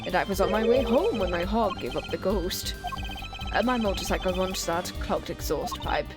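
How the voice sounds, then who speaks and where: A woman's voice: mid-range voice, moderate pace, natural voice. Woman doing a suave German rock-star prosecutor. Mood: smug. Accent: put-on German. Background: game music.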